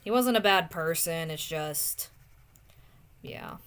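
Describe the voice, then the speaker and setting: A young woman streamer chatting casually with viewers while drawing, often trailing off into soft muttering to herself as she works. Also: low-pitched, slow pace, clean tone. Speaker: streamer drawing art requests.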